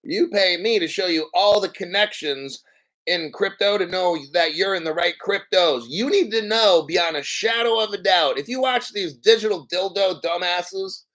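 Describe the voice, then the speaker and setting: A man's voice: high-pitched, normal speed, a bit bright. A man in his fifties hosting his own crypto channel, ranting casually to viewers in a mocking, profane, rambling way. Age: 50s. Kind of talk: casual unscripted rant to viewers.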